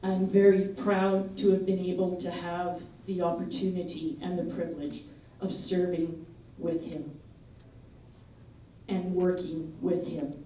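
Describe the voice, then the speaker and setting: Mellow-voiced woman telling stories in an echoey hall. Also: fairly low pitch, measured pace, recorded from a distance, muffled recording, a little hiss or hum. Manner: lively, humorous storytelling. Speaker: eulogy speaker. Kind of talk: anecdotal memorial eulogy. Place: memorial service hall.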